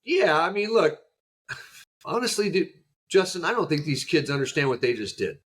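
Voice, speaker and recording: A man's voice: fairly high pitch, sing-song, normal speed, husky. A middle-aged man, a youth baseball coach, telling stories in a podcast interview with emotion and fire, acting out what he said to his players. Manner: emotional, fired-up storytelling with acted quotes.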